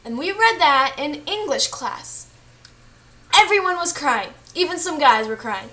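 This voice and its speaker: A woman's voice: sits high, expressive, measured pace, pushed and bright. A young woman casually retelling a story she read, chatty and full of fillers, acting out the quoted lines. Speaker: student vlogger.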